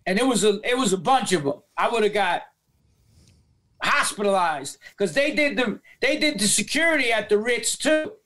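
A man with a New York accent telling profane, animated stories as a podcast guest, acting out the voices of people he quotes. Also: high voice, normal speed. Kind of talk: storytelling in a podcast interview.

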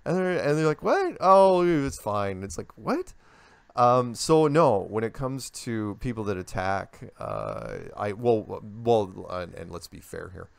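Older male interview guest: gravelly, low, animated, dry recording. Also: unhurried, hardly any pauses, no echo. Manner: animated storyteller, acts out quoted voices. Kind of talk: casual conversational interview.

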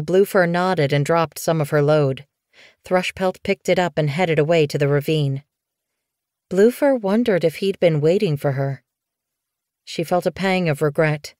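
A woman narrating an audiobook in a steady, measured storytelling voice. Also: sits low, clear, resonant tone, no room sound, clean studio sound.

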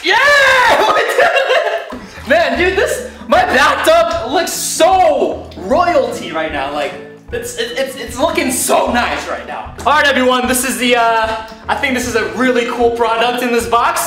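An excited man hosting an unboxing vlog from his bathtub, shouting and giggling a lot. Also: very high-pitched, slow pace. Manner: hyper, shouty, giggly, lots of slang. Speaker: vlogger host. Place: in a bathtub at home. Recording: echoey bathroom with background music.

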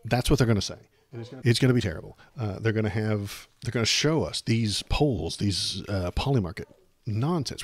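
A man with a low voice hosts a casual political commentary stream. He sounds sarcastic and exasperated and hammers his points home by repeating them. The recording is close and dry. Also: moderate pace, husky, dry recording. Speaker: streamer host.

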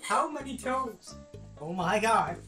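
A woman's voice: medium pitch, lively intonation, slow pace, sharp tone, soft background music. A woman co-hosting a stream, reacting dryly and with exasperation, and reading parts aloud. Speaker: stream co-host. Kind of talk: casual chat, reading aloud.

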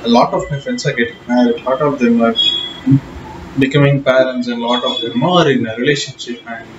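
A man's voice: mid-range voice, fairly even intonation, brisk, noisy background. A young man talking to the camera alone in his bedroom, chatty, self-mocking and rambling. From South India. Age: young adult. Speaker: vlogger. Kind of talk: casual talking-to-camera vlog. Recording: echoey room, dull lo-fi sound.

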